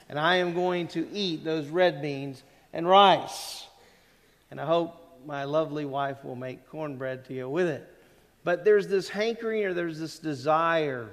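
A middle-aged man preaches in a church, his slightly high voice ringing out with a long hall echo. His tone is conversational, and he keeps asking the congregation questions as he works through the text. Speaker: pastor. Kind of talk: expository sermon. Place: church sanctuary.

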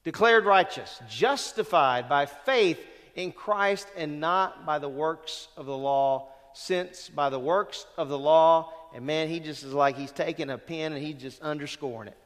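A man's voice: measured pace, few pauses. Emphatic preaching man in a reverberant hall. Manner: emphatic preaching, rising loud on quoted verses, dropping low at phrase ends; calls out questions to the congregation. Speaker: pastor. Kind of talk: sermon. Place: church sanctuary.

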